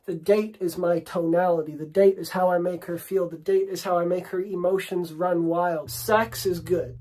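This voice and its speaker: A man's voice: slight background noise, rough recording. A young adult man, a dating coach, giving a solo advice monologue with emphatic, repetitive declarations. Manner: drops to low soft voice when acting out lines to a date.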